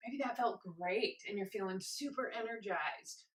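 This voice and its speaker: A young woman leading a guided movement class, encouraging and gentle, a little out of breath as she moves. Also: mid-range voice, normal speed. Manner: encouraging, gentle, invites choices. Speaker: movement instructor. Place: home room with carpet.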